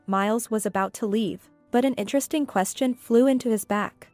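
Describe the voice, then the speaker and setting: A woman reading scripted story narration in an even, steady way. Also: a little high, a little fast, few pauses, no room sound. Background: faint background music.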